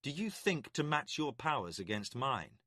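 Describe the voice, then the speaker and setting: A man voicing a young male magician who shouts his commands with defiant, controlled rage. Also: mid-range voice, sing-song, normal speed, no echo, clean studio sound. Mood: cold defiance.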